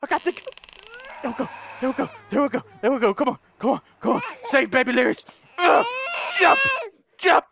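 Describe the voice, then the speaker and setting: A young man giving frantic let's play commentary, yelling, swearing and laughing at the game as he plays. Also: very high voice, expressive, fairly quick, creaky, background noise. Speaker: gaming YouTuber.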